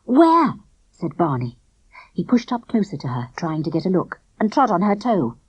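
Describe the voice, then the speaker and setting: Female audiobook narrator, children's story, bright animated delivery, dry studio read. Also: on the low side, a little fast, breathy edge, no room sound, rough recording. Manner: expressive, lively storytelling. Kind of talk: scripted children's book narration.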